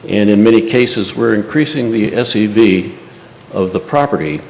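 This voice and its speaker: A man giving measured, methodical public comment at a council meeting. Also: on the low side, creaky, a little mellow. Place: council chamber. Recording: echoey hall with faint room noise.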